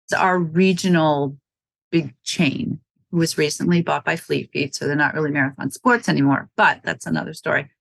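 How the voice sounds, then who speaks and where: A woman's voice: low voice, moderate pace, vocal fry, dry recording. A woman from Wisconsin, a shop owner, chatting in an interview, telling stories, acting out quotes and laughing often. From Wisconsin, United States. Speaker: running shoe store owner, guest. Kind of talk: casual interview chat.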